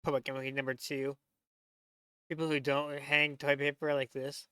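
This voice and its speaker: A man casually reacting to a video, excitable, swearing and tripping over his words. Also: mid-range voice, normal speed, smooth, dry recording, clean studio sound. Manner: excitable, swears, stumbling restarts. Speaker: reaction channel host.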